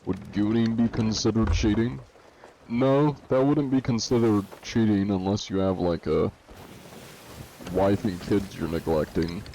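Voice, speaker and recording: Laid-back low-voiced male streamer. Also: fairly even intonation, unhurried, dark tone, a little hiss or hum. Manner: reads viewer comments aloud and answers them offhandedly; laid-back, joking, chuckles often. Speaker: live streamer playing a pirate game. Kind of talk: casual live-stream chat while gaming.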